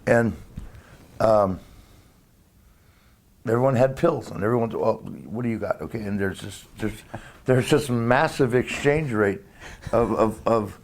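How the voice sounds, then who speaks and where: A man's voice: fairly low pitch, measured pace, long pauses. A man telling an old road story in a casual interview, hesitant, with many fillers and restarts. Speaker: former wrestler.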